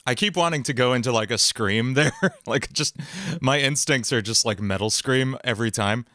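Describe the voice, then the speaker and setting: A man's voice: mid-range voice, normal speed, fairly bright tone, dry recording. A man streaming casually from his home basement studio as he writes music, joking, laughing often and mocking himself. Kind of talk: casual livestream chat.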